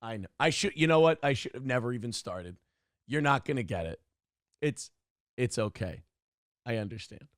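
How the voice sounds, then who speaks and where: A man's voice: mid-range voice, expressive, normal speed, pauses often, no echo, clean studio sound. A man hosting a morning radio show, reading out chat comments and mocking trolls with sarcasm while asking for donations. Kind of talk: live-stream donation appeal.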